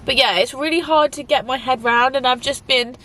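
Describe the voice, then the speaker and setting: A woman's voice: sits high, fairly quick, a bit bright, a little hiss or hum. A young woman talking in a casual, emotional vlog, rambling with lots of fillers. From England. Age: young adult. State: tearful at times. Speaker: YouTuber.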